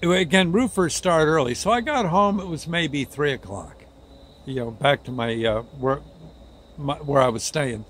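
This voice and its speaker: A man's voice: a little high, a bit bright, slightly rough. Rambling man telling a story. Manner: halting, rambling, restarts words often. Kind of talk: casual personal anecdote.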